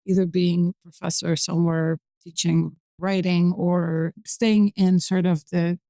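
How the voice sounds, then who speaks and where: Woman in her forties from Azerbaijan as interview guest, mellow tone, halting speech full of fillers. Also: lowish voice, little pitch movement, dry recording. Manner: hesitant, many fillers and restarts. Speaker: physician-scientist guest. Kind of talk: conversational interview.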